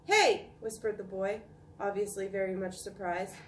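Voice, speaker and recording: A woman teacher reading a children's chapter book aloud with calm, expressive storytelling. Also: mid-range voice, moderate pace. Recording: echoey room, distant mic, faint noise.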